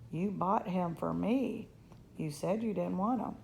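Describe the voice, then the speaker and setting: A woman voicing an earnest, protective young boy in a storybook reading, speaking in a hurried, earnest manner. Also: fairly low pitch, creaky, darkish tone, a little hiss or hum.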